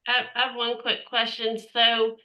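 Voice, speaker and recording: A woman's voice: on the high side, completely flat delivery, unhurried, bright, forceful tone, rough recording. A woman in the class asks the host a short, polite question. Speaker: class participant.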